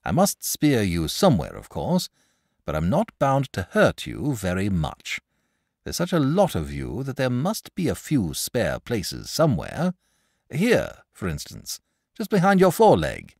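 Man as frank pleasant knight, lively and persuasive, dry close sound. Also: lowish voice, unhurried, creaky, no room sound, pitched above the performer's own voice, full character voice. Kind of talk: audiobook character voice.

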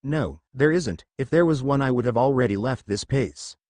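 A man's voice: medium pitch, animated, normal speed, darkish tone, no room sound, close to an everyday voice. Defiant young noblewoman and mother, curt, guarded, man doing the voice, dry close sound.

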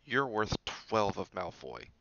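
A man voicing an earnest young schoolboy hero, often hushed, in a storybook reading. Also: fairly low pitch, big pitch swings, takes it slowly, dull audio, background noise, full character voice.

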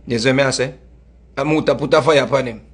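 A man's voice: mid-range voice, steady tone, fast talker, slightly rough. A middle-aged man with a Jamaican accent, delivering a heated, scolding monologue that mixes in Patois and repeats his points. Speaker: music commentator.

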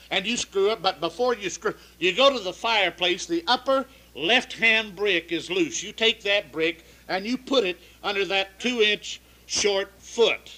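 A man's voice: sits high, measured pace, few pauses, sharp tone, rough recording. A man with a folksy drawl telling bawdy jokes, acting out the people in them. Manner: folksy drawl, acts out quoted voices. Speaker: comedian telling truck-stop jokes.

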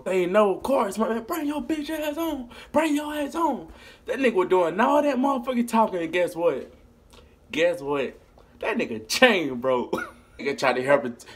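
Male vlogger, storytime, animated and profane, husky upper-pitched voice. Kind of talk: casual storytime.

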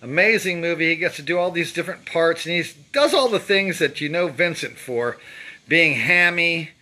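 A man's voice: fairly high pitch, lively intonation, moderate pace, pushed and bright. A middle-aged man casually walking through his own painting, rambling with lots of fillers and restarts. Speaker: painter showing his artwork. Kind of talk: casual walkthrough commentary.

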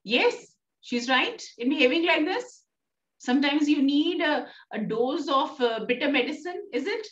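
A woman's voice: sits high, lively intonation, normal speed. A woman teacher with an Indian English accent explaining a play to a class in a coaxing way, often checking in with "right?". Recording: distant, roomy, dull sound.

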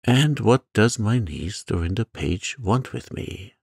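Guy doing a gruff blunt old rich uncle, low gravelly voice, dry sound. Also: lively intonation, slow pace, no room sound, full character voice. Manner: blunt, sharp.

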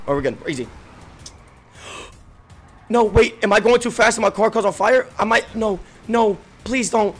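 Frantic high-pitched male gamer, yelling. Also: moderate pace, long pauses, a little hiss or hum. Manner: frantic, yelling and laughing while playing; profane trash talk. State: voice giving out. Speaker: gaming streamer. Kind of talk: excited gameplay commentary.

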